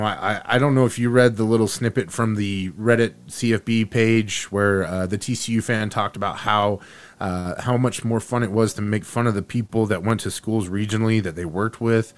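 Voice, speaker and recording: A man co-hosting a sports podcast, talking excitedly and firing off rhetorical questions. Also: fairly low pitch. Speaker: podcast co-host. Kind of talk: animated sports opinion chat.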